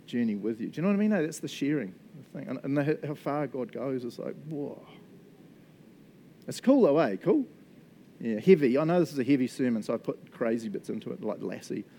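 A man's voice: medium pitch, warm tone, slight background noise. A man preaching a casual sermon as pastor in a church, and joking, chatty asides to the congregation.

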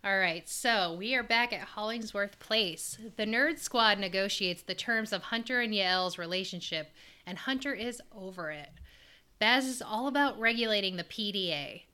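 A woman co-hosting a podcast, easy-going in casual chat and quick with short replies. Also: medium pitch, pushed and bright, clean tone. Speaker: podcast co-host. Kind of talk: casual chat and episode recap.

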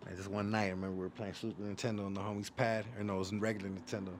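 A man with a West Coast accent talks quickly in a lowish voice, loose and profane. He tells stories with animated energy in a casual interview chat. Faint ambience hums behind him. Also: a little hiss or hum. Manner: fast, profane, animated storytelling. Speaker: rapper guest.

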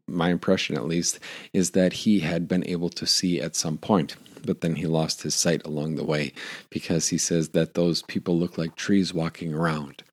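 Deep-voiced male pastor preaching. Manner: conversational with fillers and restarts, laughs lightly. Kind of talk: sermon.

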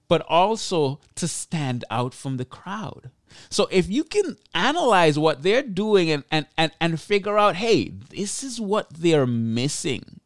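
A tired man hosting a solo podcast, teaching in an energetic, chatty way with self-deprecating asides. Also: on the high side, dry recording, clean studio sound. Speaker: podcast host. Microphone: close podcast mic.

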